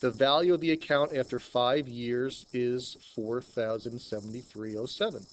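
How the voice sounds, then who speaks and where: A man with a Long Island accent teaching a math lesson, chatting and thinking out loud as he works through problems. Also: mid-range voice, fairly even intonation, normal speed, rough recording. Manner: chatty, thinks aloud while working problems. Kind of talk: screen-recorded math lesson.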